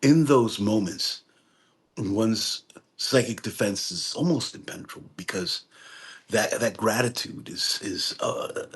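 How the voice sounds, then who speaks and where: A man's voice: on the low side, measured pace, breathy edge. A man hosting a live gratitude talk, rambling and casual, with frequent restarts. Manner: rambling, with many restarts and laughs. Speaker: host of a gratitude workshop.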